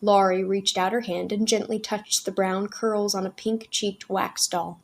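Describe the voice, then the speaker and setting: A woman storyteller gently and expressively reading a children's novel aloud. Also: mid-range voice, flat delivery, measured pace.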